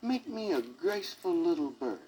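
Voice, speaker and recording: A man's voice: a little high, big pitch swings, moderate pace, warm tone, voice pushed up. Man doing a whiny, silly young elephant. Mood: sobbing. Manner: whiny and tearful, bawling. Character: silly, self-pitying young male elephant. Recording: crackly 1960s vinyl record.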